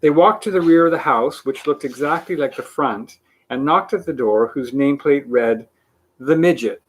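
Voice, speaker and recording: A man reading a children's book aloud in an animated way, with small slips and restarts. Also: a little high, moderate pace, slightly rough. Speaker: reader.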